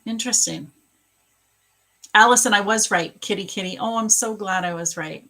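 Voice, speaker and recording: A woman's voice: medium pitch, normal speed, pushed and bright, rough recording. Effusive woman giving psychic readings. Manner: effusive, emotional, rambling with fillers. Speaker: psychic medium and spiritual coach. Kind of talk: live-streamed psychic reading.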